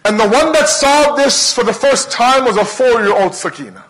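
An impassioned male preacher retells a sacred story with dramatic repetition. His voice sits high and rings bright and forward. He builds each scene with fervour. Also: expressive, moderate pace, rough recording. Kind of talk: emotional storytelling sermon.

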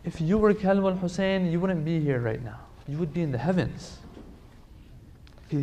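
A man's voice: a little high, normal speed, warm tone. A man giving a religious lecture to a congregation, emphatic, repeating phrases for stress and pleading directly with his listeners.

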